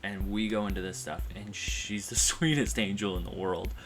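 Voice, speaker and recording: A man's voice: fairly low pitch, steady tone, normal speed. A man telling a personal story in a vlog, in a rambling, heartfelt way with many fillers and restarts. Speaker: vlogger. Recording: music playing behind.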